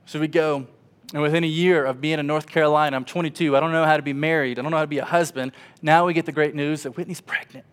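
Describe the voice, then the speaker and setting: A man in his twenties preaching a personal sermon with a slightly raised pitch. He tells his story emotionally, climbing to loud animated passages and then dropping almost to a hush. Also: quick pace, clean tone. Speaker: pastor.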